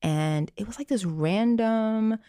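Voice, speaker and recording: A woman's voice: fairly high pitch, slow pace, mellow, smooth, no echo, studio quality. A woman from a Caribbean family telling a personal story in a casual podcast conversation, laughing now and then and using many fillers. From Caribbean family, Jamaica. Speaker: podcast guest, parent.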